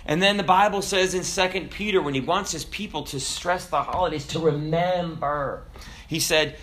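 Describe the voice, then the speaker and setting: A man preaching a conversational sermon, quoting scripture and tossing in asides and tag questions, with big swings in pitch and loudness. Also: moderate pace. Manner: dramatic swings in pitch and volume.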